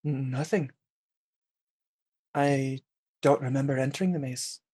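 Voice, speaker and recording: A woman's voice: a bass voice, slow pace, dark tone, slightly rough, heavily acted. A man voicing a dazed young female hero who is meant to have a French accent. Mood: confused.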